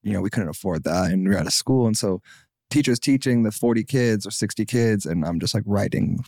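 A young man in his twenties tells his story as a podcast guest, his low voice rough with vocal fry. He talks casually and animatedly, acting out what other people said. The close mic sounds dry. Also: a little fast, no room sound. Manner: animated, acts out quotes, many fillers. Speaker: podcast guest, singer-songwriter.

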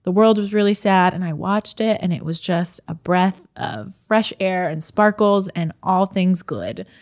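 A woman's voice: on the low side, lively intonation, a little slow, a little mellow. A woman co-hosting a podcast in casual chat, bubbly and laughing often. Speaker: podcast co-host.

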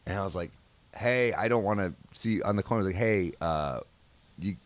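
A man's voice: deep voice, a little fast. A man, a comedian, telling funny stories in casual chat and acting out the quoted lines.

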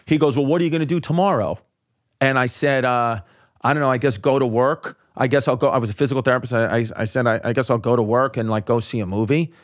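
A man, a comedian guest on a podcast, telling a story in quick, profane bursts and acting out the people he quotes. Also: medium pitch. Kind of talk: animated storytelling.

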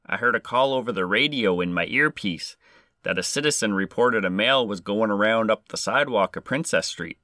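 A man's voice: lowish voice, bright, forceful tone, no echo, studio quality. A man voicing a polite Canadian male police constable with a Canadian accent, earnest and matter-of-fact.

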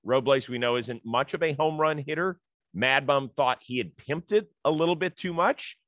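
A man's voice: medium pitch, moderate pace, a bit bright, no echo. A middle-aged man hosting a sports talk show, chatting casually and citing stats. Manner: conversational, stat-citing, storytelling.

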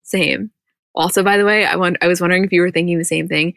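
A woman's voice: on the low side, fairly even intonation, quick pace, gravelly, fairly bright tone, no echo, studio quality. A woman co-hosting a casual recap podcast, chatty and rambling, acting out quotes and laughing often. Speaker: podcast co-host.

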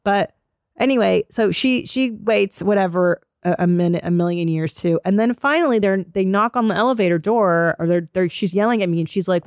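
A woman's voice: medium pitch, a little fast, a little mellow, no echo, clean studio sound. A woman podcast host telling a story in casual, profane, comedic chat and acting out both sides of the conversations.

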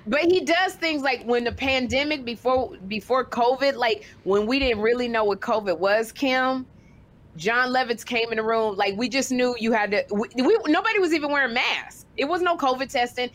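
A woman on a talk show, spinning an animated, casual story. She jumps into other people's voices as she tells it. Her voice sits a little high. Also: moderate pace.

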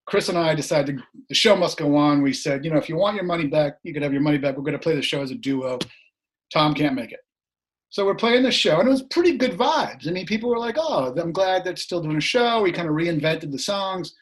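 Middle-aged man, slightly hoarse, higher voice, animated storytelling, video call. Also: brisk. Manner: animated, laughs while telling anecdotes. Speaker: guest musician. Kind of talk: casual storytelling.

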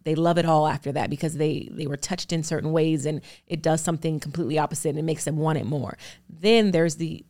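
A woman's voice: low-pitched, darkish tone. A woman in her thirties, an actor and producer, speaking candidly as a podcast guest. She talks earnestly and with emphasis, often in strings of rhetorical questions. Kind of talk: candid interview talk.

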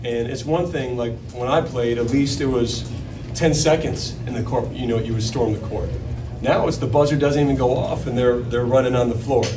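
Basketball coach at a distant, noisy press mic. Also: male voice, mid-range voice. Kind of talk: postgame press conference.

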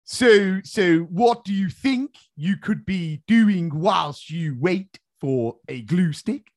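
A man doing an impression of a blustering male politician teaching a classroom, speaking slowly and drawing out his words. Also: high voice, animated, darkish tone, dry recording, studio quality, exaggerated voice.

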